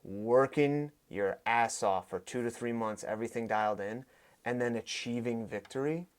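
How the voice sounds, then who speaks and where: Emphatic male storyteller. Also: mid-range voice. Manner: animated, emphatic storyteller with quick bursts. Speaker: podcast guest, fight coach. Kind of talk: conversational storytelling.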